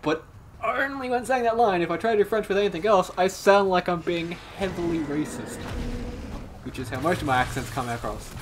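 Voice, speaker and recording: A gamer chatting casually during a co-op let's play, rambling and poking fun at themselves. The voice sits at a middling pitch. The voice-chat recording carries a clear layer of background noise. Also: brisk. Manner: rambling, self-mocking, trailing off.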